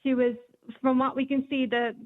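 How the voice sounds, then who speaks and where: This newspaper reporter, a woman, tells stories in a chatty radio conversation carried over a phone line, filling it with plenty of ums. She speaks at a moderate pace with a high-sitting voice and flat delivery.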